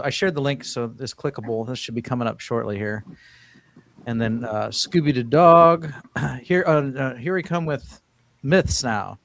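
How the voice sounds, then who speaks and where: A man's voice: medium pitch, vocal fry, a bit bright, dry recording. Dry-sounding man rambling as host. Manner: rambling, restarts phrases, reads questions aloud. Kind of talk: casual live-stream chat.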